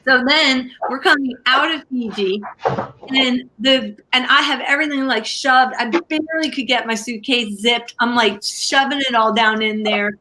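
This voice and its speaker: A woman hosts a livestream in a casual, chatty way. She rambles through her stories with plenty of fillers. Her voice sits a bit high and sounds bright and forward. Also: normal speed. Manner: chatty storyteller with many fillers. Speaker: livestream crafting host. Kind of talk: casual chat to a live audience.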